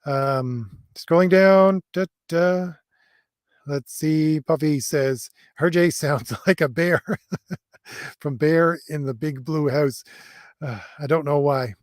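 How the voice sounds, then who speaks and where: A middle-aged man takes his time reading viewer comments on a livestream, rambling with many fillers and chuckling often. His pitch is fairly high, and the studio-quality recording carries no echo. He mentions that listeners have always heard his voice as an old man's.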